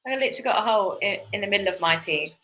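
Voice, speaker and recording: A woman's voice: medium pitch, animated, rapid-fire, bright, forceful tone. A young woman giving cheerful, chatty step-by-step painting instructions as a tutorial host.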